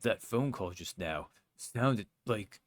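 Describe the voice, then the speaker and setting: A man voicing a dim-witted, goofy young man who talks slowly and inarticulately. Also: fairly low pitch, expressive, a little hiss or hum. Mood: sleazy. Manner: slow, slurred and inarticulate.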